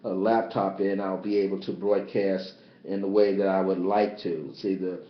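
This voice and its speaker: A man, a bishop and spiritual teacher, giving a livestreamed spiritual teaching into a tablet, emphatic and repetitive, swinging between loud high exclamations and low, subdued asides. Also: level tone, normal speed. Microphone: tablet device. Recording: roomy, dull lo-fi tablet livestream.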